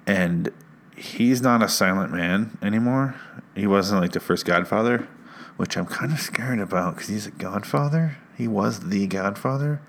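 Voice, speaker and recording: A man's voice: lowish voice, measured pace, vocal fry, a little hiss or hum. Rambling, sarcastic man hosting a podcast. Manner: rambling, sarcastic, self-mocking. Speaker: podcast host. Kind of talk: comedic podcast monologue. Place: podcast studio. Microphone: studio mic with headphones.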